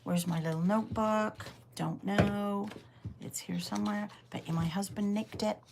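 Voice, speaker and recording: A woman's voice: mid-range voice, fairly even intonation, normal speed, vocal fry, noisy background. A woman hosting a casual livestream from home, chatting in a rambling way with many ums while showing her knitting. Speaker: livestream host. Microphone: phone.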